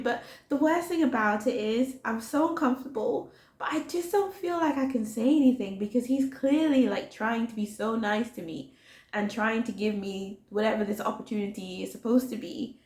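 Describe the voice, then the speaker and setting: A woman in her twenties telling a personal story in a chatty, animated way, full of "like". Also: on the high side, moderate pace. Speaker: vlogger. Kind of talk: storytime vlog. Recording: roomy echo.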